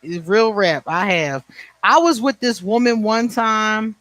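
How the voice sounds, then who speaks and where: A man in his forties, his voice pitched high, chats on a livestream in a blunt, profane way, laughing often and thanking viewers by name. The sound is dry and close, with no room echo. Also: animated, slow, a bit bright. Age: 40s. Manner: answers viewer comments by name. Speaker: livestream host. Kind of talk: casual livestream chat.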